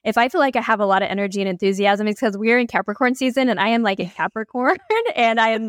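A woman's voice: fairly high pitch, lively intonation, fast talker, hardly any pauses, dry recording, clean studio sound. A woman coach and podcast guest telling stories with energy, acting out her own inner dialogue. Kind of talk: energetic storytelling in an interview.

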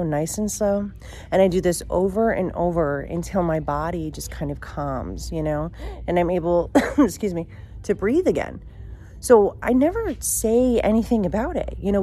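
Casting: adult woman, low-pitched voice, personal storyteller, halting and emotional delivery with frequent fillers. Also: a little mellow.

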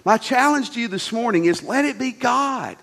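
Man, middle-aged pastor, high voice, very lively swings in pitch, folksy preaching. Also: moderate pace, vocal fry. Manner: animated preaching with folksy storytelling and repeated phrases. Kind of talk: sermon.

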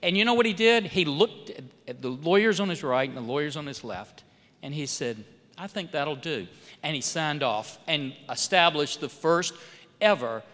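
A man, a congressman, telling stories in a speech at a church, swinging between loud and soft emphasis and acting out quoted dialogue. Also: fairly high pitch, lively intonation, normal speed. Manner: storytelling with rising and falling emphasis, quoting others in dialogue. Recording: long hall reverb.

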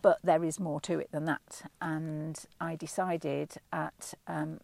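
A middle-aged woman from England speaks as a vocal coach being interviewed, explaining her work at an unhurried, thoughtful pace with plenty of ums and restarts. Her voice sits low and carries a gravelly fry. The sound is close and dry. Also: little pitch movement, a little mellow, no room sound. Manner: thoughtful and explanatory, with frequent ums and self-corrections. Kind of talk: relaxed interview answers.

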